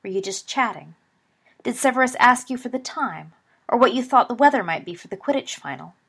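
A woman's voice: fairly high pitch, expressive, fairly quick, a bit bright, breathy edge, pitched above the performer's own voice, full character voice. A woman voicing a firm, cool-headed teen boy. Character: earnest, protective teenage boy.

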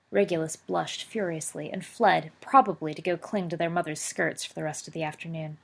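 A woman reading a story aloud as a narrator, in a steady, expressive way. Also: low voice, fairly quick, gravelly, few pauses, husky. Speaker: audiobook reader.

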